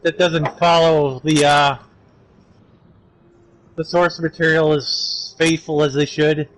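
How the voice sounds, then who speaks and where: Higher-voiced man rambling on stream. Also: little pitch movement, slow pace, fairly bright tone, low-quality recording. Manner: rambling, meandering explanations. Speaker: streaming guest. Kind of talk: casual gaming stream chat.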